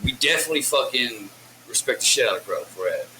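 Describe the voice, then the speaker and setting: A man talking casually in an interview, swearing freely and rambling through animated stories. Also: mid-range voice, fast talker, over a noisy crowd, rough recording. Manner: profane, rambling, animated storyteller. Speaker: rapper.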